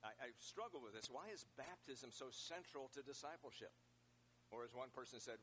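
A male pastor gives a conversational sermon. He talks it through plainly and often restarts his phrases. A low hum sits faintly behind him. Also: expressive, moderate pace, a bit bright, low-quality recording. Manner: conversational preaching with frequent restarts.

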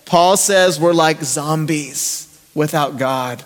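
A man's voice: high voice, lively intonation, a little slow, a bit bright. A man preaching a conversational sermon as pastor, often asking the congregation rhetorical questions. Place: church sanctuary. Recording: long reverb in a church hall.

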